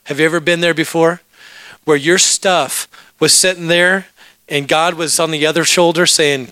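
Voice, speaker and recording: A man's voice: on the high side, fairly even intonation, normal speed, bright, forceful tone, smooth, dry recording. A middle-aged man preaching as pastor, telling stories and joking with the congregation. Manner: storytelling, joking asides with the congregation. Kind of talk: sermon.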